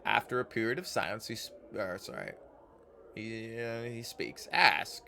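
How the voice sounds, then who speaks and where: A man's voice: on the low side, normal speed, vocal fry, sharp tone, slight background noise. A man streaming a game, reading its text aloud and rambling casually with his chat, correcting himself as he goes.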